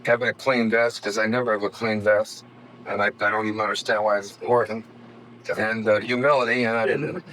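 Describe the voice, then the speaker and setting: A man introducing himself at a seminar, hesitant with many pauses. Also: fairly low pitch, steady tone, a bit bright, low-quality recording. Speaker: seminar attendee. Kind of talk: self-introduction.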